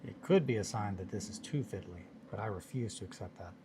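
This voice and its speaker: A man's voice: fairly low pitch, expressive, brisk, noisy background. A man hosting a casual hobby livestream, talking to himself and coaxing tiny parts into place as he builds miniatures. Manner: mutters and coaxes at fiddly parts, self-talking.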